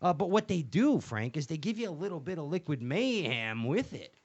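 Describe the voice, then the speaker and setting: Rambling jokey man hosting, lively pitch. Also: fairly quick, highs cut off. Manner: rambling, jokey, many fillers and restarts. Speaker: show host. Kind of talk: casual comedic show chat.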